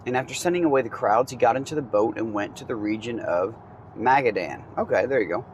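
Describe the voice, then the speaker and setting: Male Bible teacher, conversational and unhurried, recorded outdoors with faint traffic behind. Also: mid-range voice, low-quality recording. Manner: relaxed, conversational, many ums and asides. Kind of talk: casual Bible reading and commentary.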